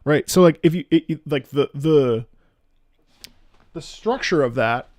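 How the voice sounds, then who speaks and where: A man's voice: on the high side, a little slow, a little mellow, dry recording, clean studio sound. A man hosting his channel, casually explaining music and humming melodies on "da" syllables, with enthusiasm and frequent restarts. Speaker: channel host.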